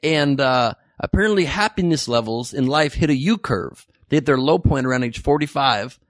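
A man's voice: mid-range voice, expressive, moderate pace, no room sound, studio quality. A man in casual chat, joking and teasing as a podcast co-host.

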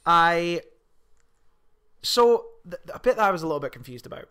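A man's voice: on the high side, big pitch swings, normal speed, bright, forceful tone, clear, resonant tone. A man co-hosting a casual film podcast, rambling off on tangents and laughing often. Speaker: podcast co-host.

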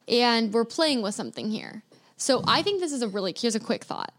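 Female podcast co-host, somewhat high voice, reflective, thoughtful conversational read. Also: big pitch swings, a little fast.

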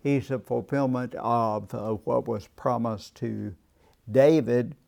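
Slow, gravelly-voiced male Bible teacher. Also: mid-range voice, steady tone, a little mellow. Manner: unhurried, thoughtful, with frequent restarts and "uh". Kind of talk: Bible class lecture with discussion.

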